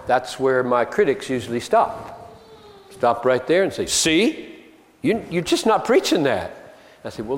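A man preaching a sermon, emphatic and argumentative, driving his points home with rhetorical questions. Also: high-pitched. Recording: long reverb of a large hall.

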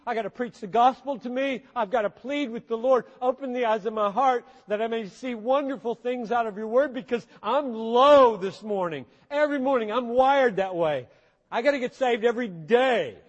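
A man preaching a sermon with earnest intensity, swinging between hushed, low passages and sudden emphatic bursts. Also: normal speed, highs cut off. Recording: long hall reverb.

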